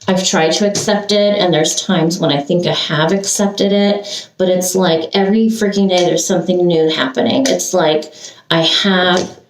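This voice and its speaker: An older woman chats as she gets ready, rambling and emotional, with sighs and restarts. Her voice sits a little low and moves slowly. She is picked up from a distance in a roomy space with faint noise behind her. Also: steady tone. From Santa Cruz, California. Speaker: vlogger. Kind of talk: get-ready-with-me chat. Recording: roomy echo, heard from a distance.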